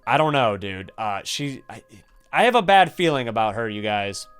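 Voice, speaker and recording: A young man doing chatty, excitable gameplay commentary and reading the story aloud, dropping to a hush when things get creepy. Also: medium pitch, moderate pace, clean tone, faint music behind. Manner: excitable, chatty, drops to hushed tones when spooked. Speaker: gaming YouTuber.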